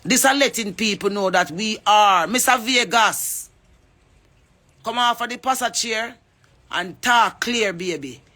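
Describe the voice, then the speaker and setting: A Jamaican woman speaks in a fervent, preaching way, calling people out one by one. Her voice is bright and forceful, and she uses it to make a pressing appeal on social media. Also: on the high side, unhurried. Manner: fervent, preachy, calls out names. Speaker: singer.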